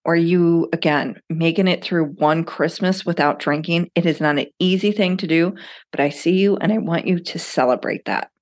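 Blunt low-voiced woman podcast host. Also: normal speed. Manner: candid, blunt, swears freely. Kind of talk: casual solo podcast talk.

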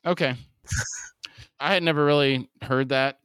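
A man's voice: medium pitch, takes it slowly, a bit bright, smooth, no room sound. A male podcast co-host in casual chat who recaps scenes and laughs often.

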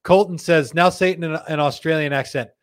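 A man's voice: fairly high pitch, a little fast, no echo. A man hosting a casual live chat show, laid-back and joking as he reads viewer comments aloud. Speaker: host. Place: company studio.

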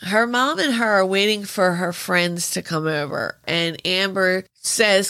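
A middle-aged woman retells a true crime case in a chatty way, often breaking off for emotional asides. Her voice is bright with a gravelly edge. The recording is dry and close. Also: mid-range voice, a little slow, dry recording.

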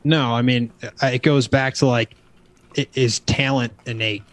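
A man's voice: medium pitch, steady tone, unhurried, a little hiss or hum. A man guesting on a podcast interview, talking about his book in a casual, motivational way that turns preachy when he gets going. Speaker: guest author.

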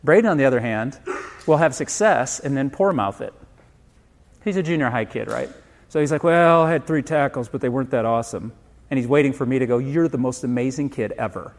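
A man's voice: mid-range voice, a little fast, a little mellow. A middle-aged male pastor preaching a sermon in a conversational way, asking the congregation questions and acting out family stories. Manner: conversational preaching, asks the room questions and acts out family quotes.

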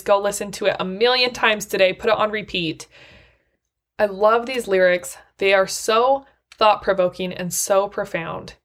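A woman hosting a solo motivational podcast, speaking earnestly and encouragingly straight to her listeners. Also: mid-range voice. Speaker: podcast host.

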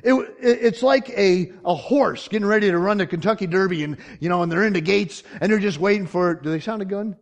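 A man preaching a sermon, telling stories with lively swings from quiet asides to loud punchlines, chuckling often. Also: high-pitched, fairly quick, few pauses. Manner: storytelling with dramatic swings in loudness, from quiet asides to shouted punchlines. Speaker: pastor.

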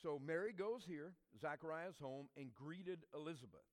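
A male pastor preaching a sermon, moving between loud emphatic lines and quiet asides. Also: fairly high pitch, moderate pace, big-room sound. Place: church sanctuary.

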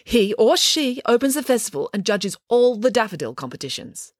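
Woman doing a stuck-up lady mayor, high and swoopy, all grand airs, dry close sound. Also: very animated, moderate pace, dry recording. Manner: grand, haughty and prickly. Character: pompous, vain middle-aged woman mayor.

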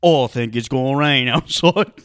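A man voicing a dim-witted young British man in a loud, drawn-out, flat delivery for a comedy bit. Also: medium pitch, smooth, no room sound, studio quality, natural voice. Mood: blank.

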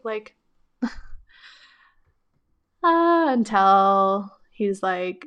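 A woman hosting a solo advice podcast, speaking in a reflective, gentle coaching tone and laughing lightly between thoughts. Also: mid-range voice, expressive, very slow, pauses often, clean tone. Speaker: podcast host.

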